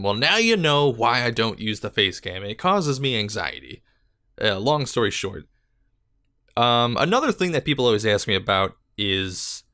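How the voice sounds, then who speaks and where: A man's voice: lowish voice, a little fast, bright, forceful tone, no room sound, clean studio sound. A young man hosting a casual solo podcast, rambling with lots of fillers and a little out of breath. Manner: rambling, filler-heavy, self-deprecating. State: slightly out of breath. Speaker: podcast host and gaming YouTuber.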